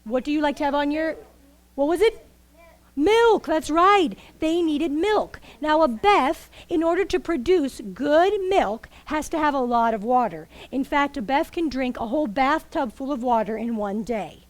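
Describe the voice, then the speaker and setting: Animated woman storyteller coaxing an audience. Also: high voice, a little slow. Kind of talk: live interactive storytelling for children.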